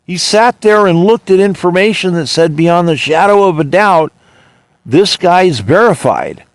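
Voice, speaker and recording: A man's voice: high voice, lively intonation, measured pace, dry recording. A man hosting his own podcast, ranting indignantly and retelling his arguments with officials. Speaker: podcast host. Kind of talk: monologue.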